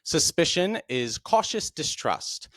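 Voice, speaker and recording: A man hosting his own show, explaining texts in a plain, deliberate way. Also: no echo, clean studio sound. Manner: plain, deliberate explaining with lively pitch swings. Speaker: podcast host. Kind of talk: explanatory monologue.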